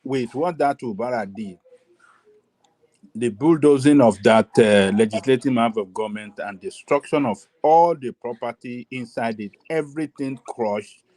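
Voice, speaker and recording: A man's voice: mid-range voice, normal speed, dark tone, no room sound, poor audio. A man on a political panel, pressing the same question again and again. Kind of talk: heated live panel debate.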